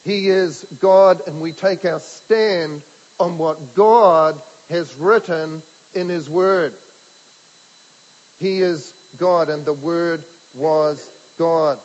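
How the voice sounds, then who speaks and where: A man preaching a sermon, emphatic, asking rhetorical questions and slowing down on key words. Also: fairly high pitch, steady tone. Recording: dull lo-fi sermon recording with hall reverb.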